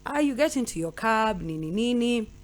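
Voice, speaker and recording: A young Kenyan woman hosting a radio talk show, telling a story with lively voices for each side and slipping Swahili slang into her English. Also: on the high side, normal speed, soft background music. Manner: animated storytelling, acting out both partners. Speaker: radio host.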